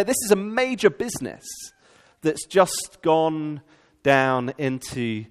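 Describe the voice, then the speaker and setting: A man preaching a sermon, animated and asking the congregation rhetorical questions. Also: sits high, in a large hall. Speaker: pastor.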